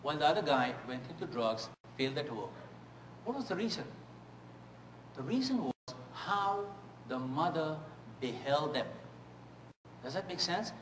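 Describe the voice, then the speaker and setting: A male speaking coach addressing a room full of trainees with animated, slightly high delivery. He often asks the audience whether they follow. The sound echoes around the room with a faint ambient hum. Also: measured pace, pauses often. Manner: animated, rhetorical check-ins with the audience. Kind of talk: seminar talk with storytelling.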